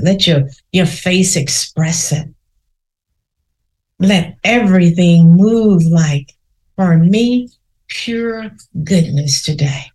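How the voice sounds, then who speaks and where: Slow, soothing woman guiding meditation. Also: fairly low pitch, a little mellow. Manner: slow, soothing, repeats phrases. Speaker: podcast host. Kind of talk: guided meditation and affirmations.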